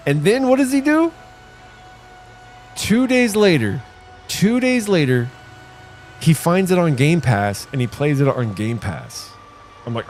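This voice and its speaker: Soft music sits behind a middle-aged gaming streamer with a mid-range voice and normal speaking speed. His casual live commentary rambles along, profane and animated, like a story being told.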